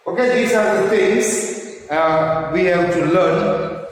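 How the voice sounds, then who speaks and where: A man teaching a lesson, speaking slowly and haltingly with many fillers. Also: high-pitched. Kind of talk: online class lesson. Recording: echoey room, far from mic.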